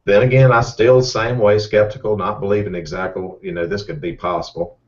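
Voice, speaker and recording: Man, race driver, low-pitched, rambling and folksy, distant muffled recording. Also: fairly even intonation, fairly quick. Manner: rambling, folksy, repeats words. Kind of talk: casual storytelling.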